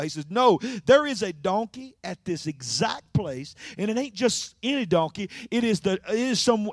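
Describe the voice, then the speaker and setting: Animated high-voiced preacher. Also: male voice, dry recording, studio quality. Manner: call-and-response preaching, swinging from loud to hushed. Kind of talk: sermon.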